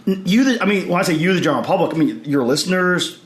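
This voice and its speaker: A man, a podcast guest, telling stories in a casual, animated way and acting out the voices he quotes. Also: high voice, quick pace. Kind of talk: casual storytelling. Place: convention hall. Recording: echoey convention hall.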